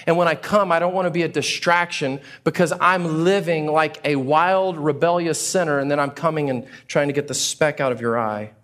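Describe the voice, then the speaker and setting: A pastor preaching a sermon to a congregation, telling stories with acted-out exclamations. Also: male voice, on the high side, normal speed, few pauses. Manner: animated storytelling with acted-out exclamations.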